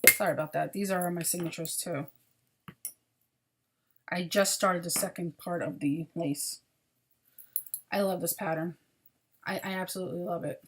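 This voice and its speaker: A woman's voice: lowish voice, steady tone, normal speed, long pauses, fairly bright tone, slightly rough. A woman hosting a crochet video podcast, chatting casually and apologetically about her projects, sounding tired.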